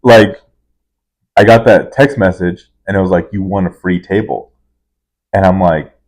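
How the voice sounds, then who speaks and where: A man in his twenties co-hosting a casual podcast, telling stories in a laid-back, drawn-out way. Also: deep voice, a little mellow. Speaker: podcast co-host. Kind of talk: casual chat.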